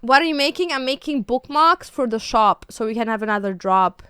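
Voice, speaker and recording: A woman's voice: a little high, lively intonation, a little fast, sharp tone, clean tone, no room sound, clean studio sound. A young woman in her twenties chatting on a casual livestream from home, rambling and packing her talk with fillers. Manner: rambling, filler-heavy, with many "like"s. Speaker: streamer. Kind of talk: casual stream chat.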